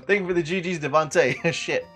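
A young man streaming a retro game, chatting casually, swearing a lot and breaking into loud outbursts, saying he is sleepy. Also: fairly high pitch, moderate pace. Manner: profane, rowdy, loud outbursts and laughing.

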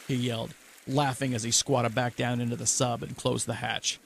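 A man podcast host narrating a first-person adventure story in a steady way, with music playing underneath. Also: mid-range voice, moderate pace, vocal fry.

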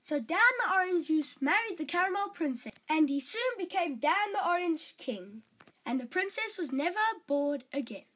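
A woman reading a children's fairytale aloud as storyteller, in an animated, expressive storytelling manner. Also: very high voice, normal speed, rough recording.

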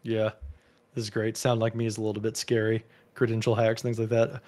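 A man's voice: lowish voice, completely flat delivery, a little fast, darkish tone. A man co-hosting a casual tech discussion, thinking aloud with hedges and restarts. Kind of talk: casual explanatory chat.

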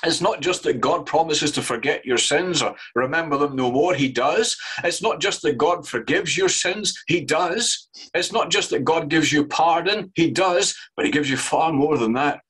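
A man preaching a sermon, earnest, swinging from fervent raised emphasis down to low, slow, solemn phrases. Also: a bit bright, slightly rough, poor audio.

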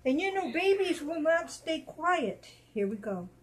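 A woman hosting a casual vlog at home, talking to viewers and cooing softly to her dolls. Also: very high voice, big pitch swings, a little slow. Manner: doting, soft baby talk to her dolls. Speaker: doll channel host.

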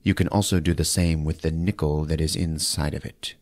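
A man's voice: extremely low pitch, steady tone, brisk, a little mellow, pitched below the performer's own voice. A man voicing a foul-mouthed, blunt rich widow who talks in a crude, matter-of-fact way.

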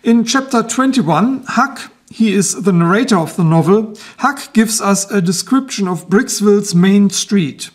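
A man with a German accent narrates a scripted review in a measured, lecture-like way. His voice sits high for a man, and he explains each point patiently and carefully. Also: lively intonation. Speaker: knife reviewer and video host.

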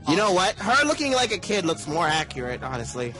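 A man's voice: high-pitched, big pitch swings, brisk, bright, forceful tone, faint music behind. A young man in casual game commentary, stumbling through restarts and asking questions. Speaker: let's play commentator.

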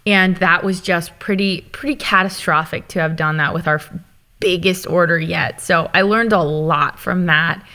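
A woman speaking as a guest founder, telling candid business stories in an animated, open way. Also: on the low side. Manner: animated, open, quick to laugh. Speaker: guest, company founder and author. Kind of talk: candid conversational storytelling.

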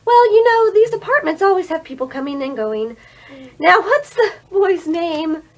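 A high, rambling old landlady who stammers and wanders off mid-thought, as a woman puts her on. She chatters on in a creaky grandma manner over a homemade game recording. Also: very animated, normal speed. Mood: chatty.

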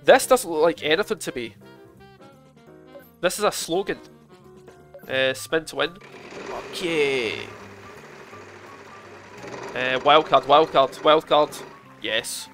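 A young man streaming a game show video game, chatting with his viewers, excitable and swearing a lot. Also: fairly high pitch, takes it slowly, pauses often. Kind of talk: casual live gaming commentary. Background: game music.

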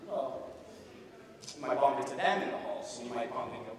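A teenage boy performing a rambling, animated, self-mocking stand-up routine as a student comedian on a school stage. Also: medium pitch, a little fast, very noisy. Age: teens. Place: large school auditorium stage. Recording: roomy echo from far off, audience ambience.

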